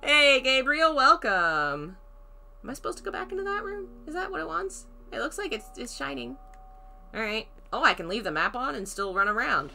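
A woman's voice: high-pitched, big pitch swings, moderate pace, gravelly, bright, forceful tone. A woman streaming a horror game, chatting casually, thinking aloud, greeting viewers and laughing often. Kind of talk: casual let's-play commentary.

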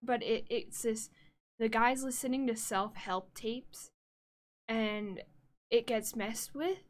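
A woman livestreamer chatting casually and directly to her viewers, flustered and talking things through out loud. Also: a little high, takes it slowly. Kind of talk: casual live-stream chat.

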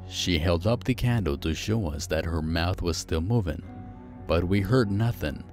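A man narrating a first-person horror story, slow, hushed and suspenseful. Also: low-pitched, faint music behind.

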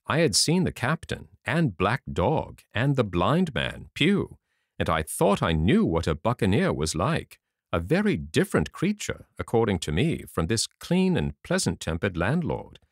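A man reading a classic adventure story aloud, his pitch swooping widely through every sentence. His delivery is animated and theatrical, recorded close with a dry, dead sound. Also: measured pace, dry recording. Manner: expressive, lively storytelling. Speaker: audiobook narrator.

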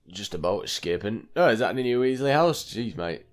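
A man's voice: lowish voice, lively intonation, fairly quick, hardly any pauses. A young man giving casual, chatty let's-play commentary, exclaiming at the game and repeating his catchphrases. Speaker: gameplay commentator. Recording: faint game music behind.

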